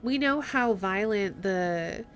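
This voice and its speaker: A woman streaming a game, softly reading the dialogue aloud and reflecting on it in casual chat. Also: medium pitch, lively intonation, slow. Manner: reflective and soft-spoken, reading choices aloud.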